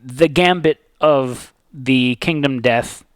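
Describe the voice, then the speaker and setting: A man's voice: mid-range voice, slow pace, clean tone, no echo. A young man co-hosting a game stream, casually joking and announcing upcoming shows in an upbeat way. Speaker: stream co-host. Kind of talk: casual stream sign-off chat.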